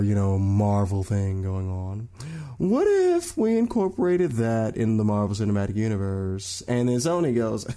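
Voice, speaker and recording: A young man hosting a solo radio talk show, giving lively commentary on movie news and slipping into quick impressions of other people. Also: fairly low pitch. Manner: animated, mimics people in quick put-on voices.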